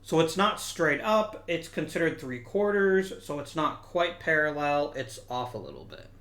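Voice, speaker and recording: Guy narrating his game, bright clear voice, thinks out loud and fixes himself mid-sentence. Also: on the high side, very animated, moderate pace, echoey room. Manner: explanatory, thinks aloud with self-corrections. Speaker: gaming video host. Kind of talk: casual gameplay commentary.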